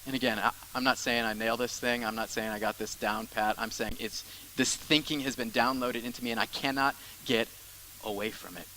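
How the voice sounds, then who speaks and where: A man's voice: medium pitch, fairly even intonation, brisk, pushed and bright, a little hiss or hum, low-quality recording. A man preaching a sermon as the church's pastor, in a conversational style with asides and repeated phrases.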